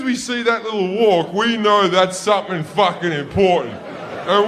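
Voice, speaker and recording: A man with an Australian accent telling profane stand-up stories on stage, often breaking into loud yelled impressions of family members. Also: sits high, a little slow. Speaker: stand-up comedian. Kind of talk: stand-up storytelling. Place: stage before a laughing audience.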